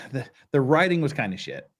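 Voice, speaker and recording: Blunt guest with a lively voice. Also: male voice, mid-range voice, moderate pace. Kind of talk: casual livestream chat.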